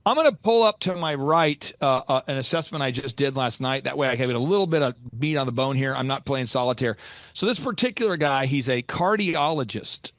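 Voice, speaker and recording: A man hosting a business coaching podcast, telling stories in an animated, emphatic way. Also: medium pitch, dry recording, clean studio sound. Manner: animated storytelling, quick and emphatic. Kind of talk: energetic casual podcast talk.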